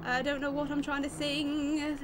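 A young British woman giving fast, excitable let's-play commentary with melodramatic outbursts, game music behind. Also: high voice, background noise. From Britain. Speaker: gaming YouTuber.

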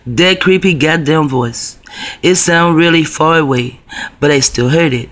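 A man's voice: a little high, measured pace, fairly bright tone. A man telling a personal story to camera in a rambling, profane, conspiratorial way. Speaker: video blogger.

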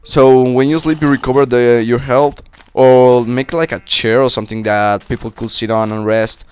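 A man casually commentating his game, excitable and swearing, yelling at monsters, slightly sick with a cracking voice. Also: medium pitch, normal speed, clear, resonant tone. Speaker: gaming channel host. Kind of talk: casual Minecraft let's-play commentary.

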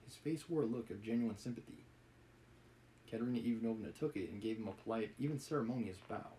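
A man's voice: on the low side, fast talker, mellow, slight background noise, low-quality recording. A man reading a novel aloud on a live stream, mixing the text with wry, chuckling asides.

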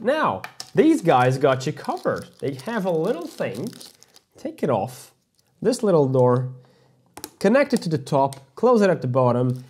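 A man's voice: on the high side, a little mellow, husky. A man, unboxing a product on his vlog in an upbeat, rambling way with restarts. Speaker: vlogger. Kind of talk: sponsored unboxing.

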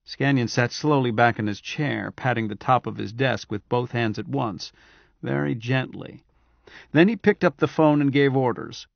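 A man's voice: medium pitch, normal speed, gravelly, no echo. Man narrating an audiobook, dry and muffled. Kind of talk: scripted narration.

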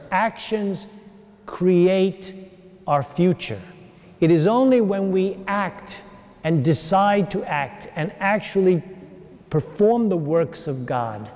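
A man, a priest, delivering a sermon in a slow, earnest way with long pauses. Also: fairly high pitch, a little mellow. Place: large church. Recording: long church reverb.

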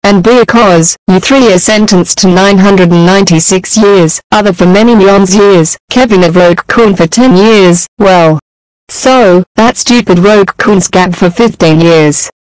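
A woman's voice: mid-range voice, a little slow, clean tone, no room sound, poor audio. Dry synthetic woman scolding angrily. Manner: shouting scolding, broken grammar. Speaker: angry mother scolding a cook. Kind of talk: text-to-speech fan animation.

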